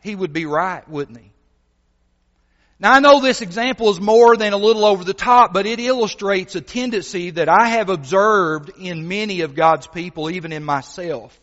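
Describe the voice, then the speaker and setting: A man preaching a sermon as a visiting gospel preacher, earnest and animated as he tells a story, with many fillers. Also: high voice, normal speed. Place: church hall. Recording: dull sound, long church reverb.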